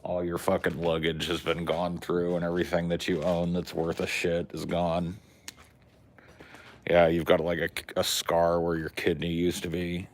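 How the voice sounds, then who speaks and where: A man's voice: sits low, completely flat delivery, normal speed, a little hiss or hum. A man hosting a podcast in crude, rambling banter, cursing and saying "dude" and "like" a lot. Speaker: podcast host.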